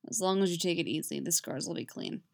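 A woman voicing a gruff, stoic male monster hunter who speaks curtly, in a fan fiction reading. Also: fairly low pitch, lively intonation, quick pace, darkish tone. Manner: gruff, curt. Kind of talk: fan fiction read aloud.

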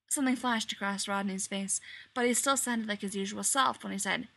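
A woman reading fiction aloud in an expressive, animated storytelling manner. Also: medium pitch, brisk, gravelly. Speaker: reader.

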